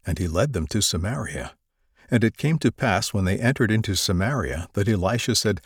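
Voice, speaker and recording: A man reading a scripture passage aloud in a measured, expressive way. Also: lowish voice, breathy edge, no room sound, clean studio sound. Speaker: scripture reader.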